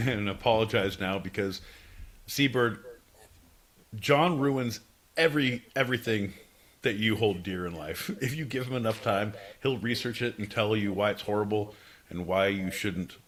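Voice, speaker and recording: A man co-hosting a podcast, joking loudly and putting on silly mock outrage. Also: lowish voice. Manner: bursts into loud mock outrage and silly fake German. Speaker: podcast co-host. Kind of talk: joking banter.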